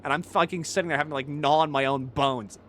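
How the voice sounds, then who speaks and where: A male streamer chatting casually while playing a game, rambling and excitable, swearing freely. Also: fairly high pitch, fast, a little hiss or hum. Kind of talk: casual gaming-stream chat.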